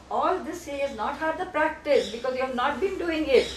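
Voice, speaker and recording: A woman speech teacher drilling a child on syllables, firm and insistent, repeating words slowly. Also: sits high, expressive, slight background noise. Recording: echoey room, mic far off.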